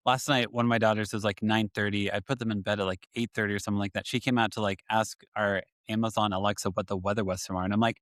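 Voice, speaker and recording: A man's voice: on the low side, quick pace, fairly bright tone, no echo. A man in his thirties hosting a parenting podcast, sharing stories from home candidly and reflectively. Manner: candid, reflective, frequent "like" fillers. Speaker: podcast host, father. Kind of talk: conversational podcast interview.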